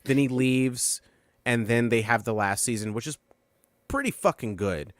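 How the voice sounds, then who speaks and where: A man's voice: mid-range voice, normal speed, no echo. Profane rambling man, dry close sound. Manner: profane, rambling, many restarts. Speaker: podcast co-host. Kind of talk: casual chat.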